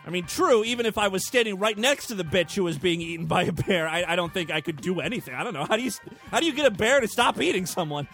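A man's voice: high-pitched, expressive, fast, a bit bright, faint music behind. A man hosting a podcast, reading out news with crude, irreverent commentary and frequent laughter. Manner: irreverent, laughs often, mock voices for quotes. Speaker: podcast host.

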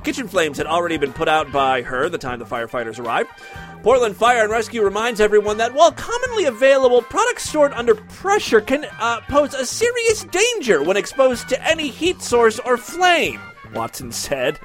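A man's voice: very high voice, big pitch swings, moderate pace, a bit bright, faint music behind. A man reading odd news stories aloud with sarcastic comedic commentary and exaggerated delivery.

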